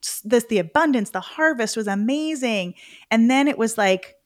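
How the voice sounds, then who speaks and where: Animated woman telling a lively story. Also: a little high, normal speed, dry recording, studio quality. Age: middle-aged. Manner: animated storyteller, acts out her own reactions. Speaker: podcast guest. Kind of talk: casual interview chat.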